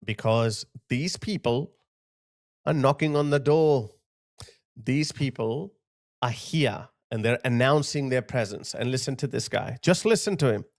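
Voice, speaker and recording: A man's voice: mid-range voice, a little slow. A man giving impassioned video commentary, emphatic and indignant, driving his points home by repeating phrases. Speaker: political commentator.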